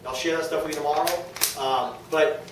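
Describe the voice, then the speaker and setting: Fast-talking man in an echoey room. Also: a little high. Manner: fast, enthusiastic, quoting others in lively asides. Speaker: speaker at a business meeting. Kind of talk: motivational testimonial talk. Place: meeting room with a small audience. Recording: very echoey room, distant mic, faint noise.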